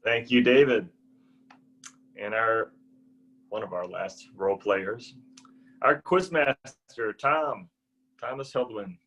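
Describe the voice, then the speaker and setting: A man's voice: mid-range voice, slow, pauses often, fairly bright tone, dull audio, slight background noise. A man chairing an online speaking club meeting, courteously introducing each speaker over a video call.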